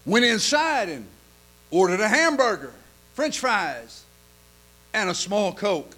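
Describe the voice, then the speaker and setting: High-voiced folksy preacher man. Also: very animated, takes it slowly. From lives in Oklahoma. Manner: folksy storyteller, repeats himself, stammers and laughs, swings from quiet to loud. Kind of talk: joke-telling sermon.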